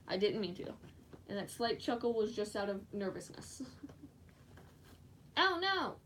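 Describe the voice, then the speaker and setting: A woman chatting casually while she crafts, giggling often and breaking into excited squeals. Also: medium pitch, normal speed. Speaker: fursuit maker streaming live. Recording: distant mic with faint background noise.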